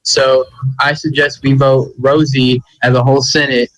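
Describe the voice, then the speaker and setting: A man with a middle-pitched voice plays a senator in a role-played parliamentary debate. He speaks in formal phrases but hesitates, filling gaps with pauses. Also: level tone, fairly bright tone, dry recording, poor audio. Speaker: senator in a mock senate session.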